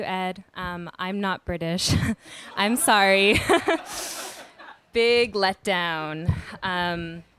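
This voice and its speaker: A woman's voice: medium pitch, a bit bright, a little hiss or hum. A woman writer at a literary event, chatting in a giggly, self-deprecating way and then reading her essay aloud.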